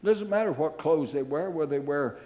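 An older man preaching as a pastor tells stories in an animated sermon, repeating phrases and hesitating with fillers. His voice is a little high and his delivery brisk.

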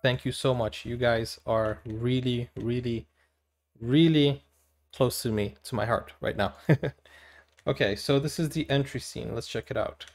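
A man from Brazil, hosting casual movie reaction commentary, chatty and giggly, with animated exclamations. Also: mid-range voice, normal speed, a little hiss or hum.

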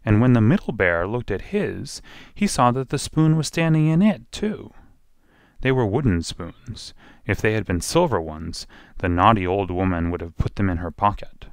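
A man's voice: lowish voice, lively intonation, moderate pace, no room sound, clean studio sound. A man narrating a children's storybook expressively, drawing out repeated phrases.

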